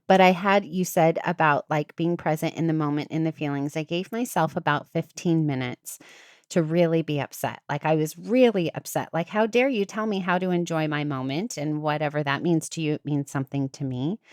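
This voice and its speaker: A woman hosting a podcast, chatting casually and acting out what people said with sudden jumps in pitch. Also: moderate pace, no room sound, studio quality. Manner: animated, acts out quotes with big pitch jumps. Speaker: podcast host. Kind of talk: casual storytelling chat.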